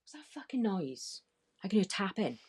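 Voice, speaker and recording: A woman's voice: medium pitch, sing-song, normal speed, a little mellow, slightly rough. A woman, a podcast guest telling her story candidly, emotional and rambling, swearing freely.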